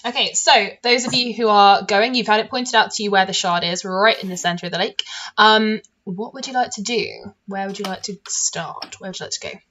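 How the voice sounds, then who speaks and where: A woman's voice: medium pitch, brisk, bright, forceful tone. A woman from the United Kingdom running a tabletop game as game master, explaining rules plainly and in a friendly way. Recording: slightly dull mic with faint noise.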